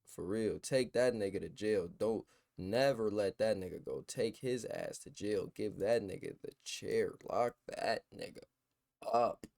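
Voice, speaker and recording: A man's voice: on the low side, a little slow, vocal fry, a little mellow. A man hosting a reaction video, talking bluntly in heated, repetitive street slang. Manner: blunt, profane street talk. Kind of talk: casual reaction commentary.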